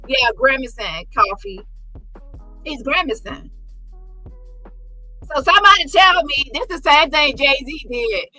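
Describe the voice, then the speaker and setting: High bright sassy woman commentator. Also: animated, slow, long pauses, soft background music, poor audio. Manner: sassy, profane, mocking impressions. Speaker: commentary vlogger. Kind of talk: casual commentary on photos.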